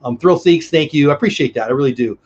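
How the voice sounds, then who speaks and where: A man co-hosting a live online show, chatting casually and thanking viewers by name, his voice going hoarse. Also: fairly high pitch, quick pace, a little mellow. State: losing his voice. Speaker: livestream co-host. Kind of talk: casual live-stream chat. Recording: dull lo-fi stream audio.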